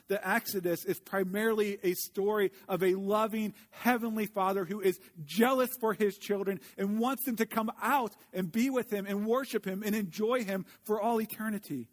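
A male pastor delivers a sermon in a notably high-pitched voice. He speaks earnestly and slows his pace when reading scripture. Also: steady tone.

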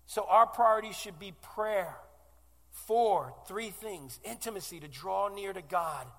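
Brief: man in his 40s, pastor mid-sermon, high and ardent, long church reverb. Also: unhurried. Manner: impassioned, swinging from loud declarations to hushed, tearful-sounding pleas.

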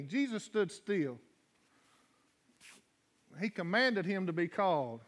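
A man preaching a sermon as a guest preacher in a church, folksy and chatty, rising to loud fervent scripture reading. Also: high-pitched, very animated, slow, long pauses. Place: church sanctuary.

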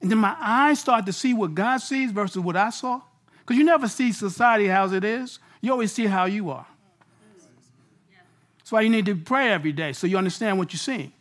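A man preaching a sermon in a casual, slangy way, moving between loud bursts and hushed lines. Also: high voice, brisk.

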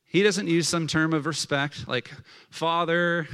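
A man's voice: fairly high pitch, steady tone, a little slow, bright, forceful tone, clean tone. A man preaching a casual sermon in a conversational way, peppered with the filler like. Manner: conversational, many fillers of like, acts out quotes.

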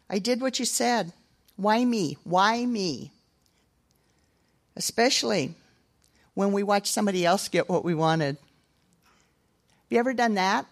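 An older woman preaches in a casual, chatty way, poking gentle fun at herself as she tells stories. Her voice is gravelly with some vocal fry. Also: medium pitch. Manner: chatty, self-deprecating. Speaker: speaker at a church gathering. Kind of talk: casual storytelling sermon.

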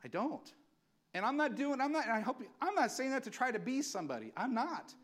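A man's voice: extremely high pitch, very animated, a little fast, fairly bright tone. A male pastor preaching an impassioned, conversational sermon, acting out quotes as he goes. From California.

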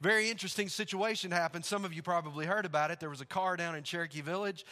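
A male pastor preaching a sermon in a church, telling stories in a relaxed, conversational way. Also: sits high, fast. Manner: conversational storytelling, laughs along. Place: church sanctuary. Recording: reverberant church hall.

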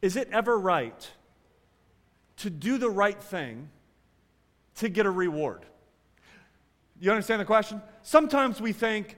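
A man preaching a sermon as a pastor, swinging between loud exclamations and quiet asides. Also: high voice, big pitch swings, measured pace, long pauses, big-room sound.

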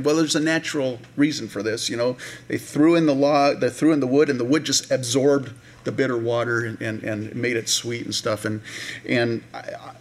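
Chatty male pastor preaching conversationally. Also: medium pitch. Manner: conversational, many fillers and restarts; acts out voices of people in the story. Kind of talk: sermon.

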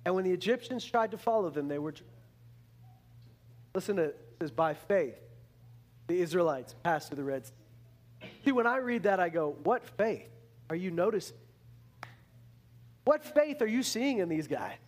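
A man preaching a sermon in an animated way, repeating words and restarting phrases as he acts out the people he talks about. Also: normal speed, long pauses. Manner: animated, acts out the complaining Israelites in a higher voice.

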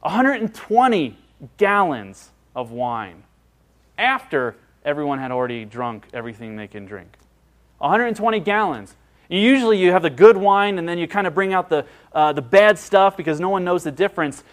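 A man's voice: sits high, animated, normal speed. A man preaching a sermon as pastor, in an emphatic, conversational way that repeats phrases for stress and asks the listeners questions.

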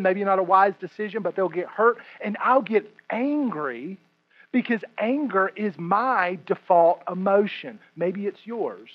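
A man in his thirties, a pastor, preaching a sermon to a congregation, swinging between hushed and loud delivery. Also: sits high. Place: room with a congregation. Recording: muffled lo-fi recording.

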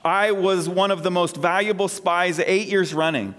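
A man's voice: sits high, fairly even intonation, moderate pace, fairly bright tone. Boastful old spy-dog, played by a man, light and casual, with a long ringing reverb behind it. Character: boastful retired male talking dog.

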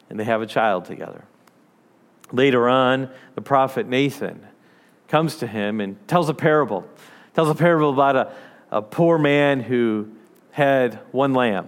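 A man preaching a conversational sermon who often repeats words as he finds his phrasing, then reads scripture aloud. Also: mid-range voice. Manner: earnest, repeats words while searching for phrasing.

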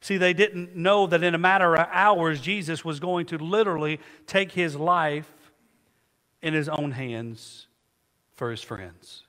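A middle-aged man preaching from the pulpit with a slightly high voice that rings out through a long church reverb. He swells into emphatic, rhetorical lines, asking the congregation questions and then answering them himself. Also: measured pace, pushed and bright. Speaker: pastor. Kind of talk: sermon. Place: church sanctuary.

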